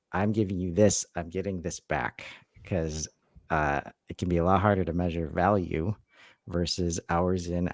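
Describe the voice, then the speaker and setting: Man with a very deep, dry voice. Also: a little mellow, dry recording. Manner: matter-of-fact, thinks aloud with restarts. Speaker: co-host. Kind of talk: podcast discussion.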